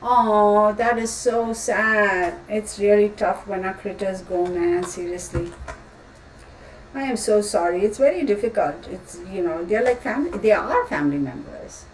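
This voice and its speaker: A woman's voice: medium pitch, a little slow. Chatty woman, roomy far-off sound. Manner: chatty and rambling, with frequent exclamations. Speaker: tarot reader hosting a live stream. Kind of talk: casual live-stream chat. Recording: roomy, distant mic, faint background noise.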